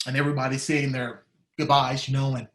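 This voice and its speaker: A man's voice: medium pitch, little pitch movement, a little fast. Heartfelt man telling a story in an echoey hall. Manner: heartfelt, dramatic, acts out dialogue, swings between loud and hushed. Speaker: speaker at a staff training day. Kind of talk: emotional personal storytelling speech.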